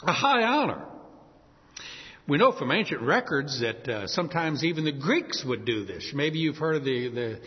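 A man preaching with a New Orleans accent, his voice set a bit high and swinging widely in pitch as he tells stories. He acts out the shouts of crowds with energy. The sound is muffled and rings with a long reverb, as in a church hall. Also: moderate pace. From New Orleans, USA. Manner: lively storytelling with animated shouted quotes. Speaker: pastor. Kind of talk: sermon.

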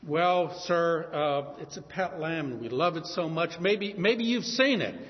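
A man preaching a sermon plays a gentle, heartbroken poor father who talks humbly and hesitantly. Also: a little high, lively intonation, unhurried, big-room sound, dull audio. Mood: humble.

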